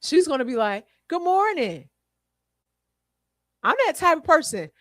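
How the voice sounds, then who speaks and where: A woman hosts a live podcast in a lively, talkative way and addresses her listeners directly. Her voice sits somewhat high. The sound is dry and close, with no room echo. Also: quick pace. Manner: animated, chatty, repeats herself, talks to listeners by name. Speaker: podcast host. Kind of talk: live podcast chat reading viewer comments.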